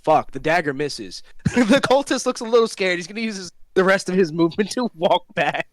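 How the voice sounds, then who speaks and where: A man's voice: high-pitched, lively intonation, a little fast, dry recording. A man running a tabletop game as dungeon master, loose and laughing, swearing casually.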